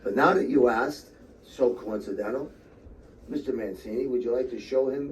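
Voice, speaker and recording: A man's voice: mid-range voice, moderate pace. Playful man hosting a podcast. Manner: playful, repeats the questions aloud. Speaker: podcast host. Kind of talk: casual chat. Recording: distant from the mic.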